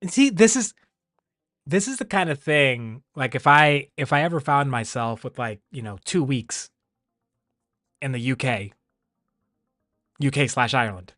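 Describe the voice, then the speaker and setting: Guy streamer, chatty and rambling, mid-pitched voice, dry sound, faint music behind. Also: measured pace, pauses often, no echo. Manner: rambling, animated, laughs often. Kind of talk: casual livestream chat.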